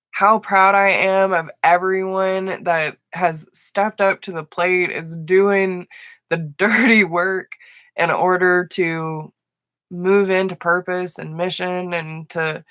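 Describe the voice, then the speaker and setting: A woman's voice: on the low side, a bit bright, dry recording. A woman giving live tarot readings, affectionate and emotional, laughing often. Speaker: tarot reader.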